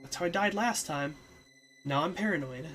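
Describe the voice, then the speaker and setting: Game streamer, casual narration, self-deprecating, mid pitch, soft background music. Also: lively intonation, moderate pace. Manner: casual, self-mocking, swears. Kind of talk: game playthrough narration and commentary.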